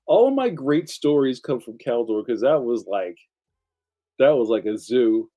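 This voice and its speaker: A man hosting a casual livestream, chatting as he reads out viewer comments and laughing often. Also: measured pace. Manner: chatty, laughs often, animated pitch jumps. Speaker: livestream host.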